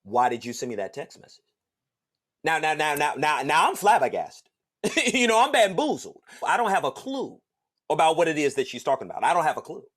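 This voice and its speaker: Animated male podcast host telling stories. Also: a little high, a little fast. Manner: animated, slangy, laughs while telling stories. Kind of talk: casual storytelling monologue.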